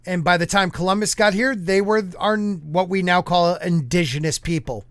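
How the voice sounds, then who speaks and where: A man hosts a podcast in loose conversation, his voice pitched fairly high for a man. He rambles and restarts, dropping fillers as he goes. The sound is dry and close, with no room around it. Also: moderate pace, fairly bright tone, dry recording. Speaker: podcast host. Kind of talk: casual podcast chat.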